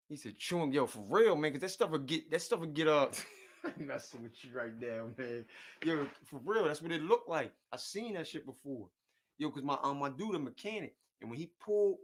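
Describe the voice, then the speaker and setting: A man casually chatting with his viewers in loose slang, repeating his words, jumping between topics and often chuckling as he talks. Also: medium pitch. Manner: often chuckles while talking. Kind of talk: casual chat.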